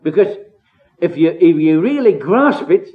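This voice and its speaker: A man delivers an earnest expository sermon, his somewhat high voice pushing up into emphatic exclamations and rhetorical questions. The recording is thin and tinny, as if heard over a phone line. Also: very animated, measured pace. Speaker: preacher.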